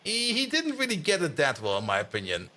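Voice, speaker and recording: A male game streamer chats through his session in a lively, up-and-down voice, often breaking into laughter. His tone is high and bright as he teases and comments casually. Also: a little fast. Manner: chatty, laughs often, teasing.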